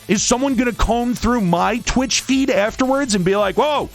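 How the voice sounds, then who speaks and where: A man's voice: very high voice, normal speed, creaky, faint music behind. A man hosting a stream, ranting in an exasperated, profane, sarcastic way. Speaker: streamer and podcast host. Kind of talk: angry rant.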